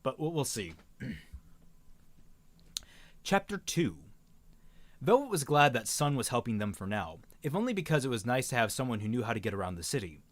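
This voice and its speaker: A man's voice: medium pitch, sing-song, moderate pace, pauses often. A man hosting a casual stream, chatting with a guest and reading a novel aloud with rambling asides and small stumbles. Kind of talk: casual chat and read-aloud.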